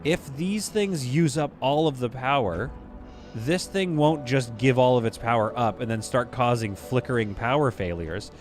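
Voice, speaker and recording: A man's voice: medium pitch, moderate pace, soft background music. A man from western Canada livestreaming a space-building game, thinking aloud and chatting with viewers as he plays. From Vancouver, Canada. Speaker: streamer playing a space sim. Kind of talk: live gameplay commentary, chatting with viewers.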